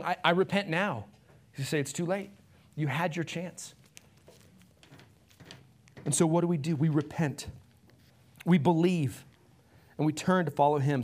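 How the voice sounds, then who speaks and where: Earnest man preaching a sermon. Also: fairly high pitch. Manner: earnest, rising to emphatic peaks then dropping soft for prayer. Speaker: pastor. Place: church.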